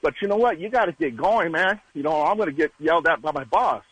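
A man's voice: a little high, lively intonation, quick pace, a bit bright, breathy edge, dry recording, rough recording. A man calling in to a radio show, telling a rambling story in a chatty way. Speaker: caller.

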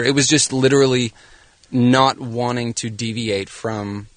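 A man's voice: medium pitch, fairly even intonation, measured pace, dry recording. Articulate man, a thoughtful studio guest. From Canada. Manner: thoughtful, articulate, explains at length. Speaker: guest actor. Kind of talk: radio studio interview.

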